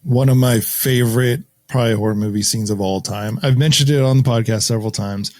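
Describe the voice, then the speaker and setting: A man speaking in casual podcast chat at a middling pitch. He reacts in quick, emphatic bursts. His voice sits dry and close to the mic. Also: fairly even intonation, darkish tone, dry recording. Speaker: podcast co-host.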